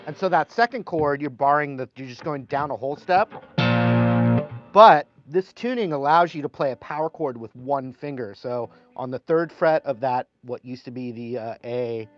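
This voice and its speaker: A man's voice: medium pitch, moderate pace. A man teaching guitar in a casual live stream, chatting and reading viewer comments aloud between playing. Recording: slightly dull sound with guitar playing.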